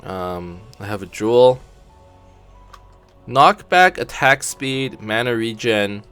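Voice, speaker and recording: A man's voice: medium pitch, expressive, slow pace, a bit bright, smooth, soft background music. A man hosting a gaming channel, giving laid-back commentary as he plays, thinking aloud and swearing casually.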